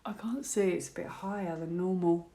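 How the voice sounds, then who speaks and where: A woman's voice: on the low side, normal speed, creaky, warm tone. A woman from the United Kingdom giving a casual tarot reading to camera, thinking aloud in a rambling, half-laughing way. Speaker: tarot reader. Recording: echoey room.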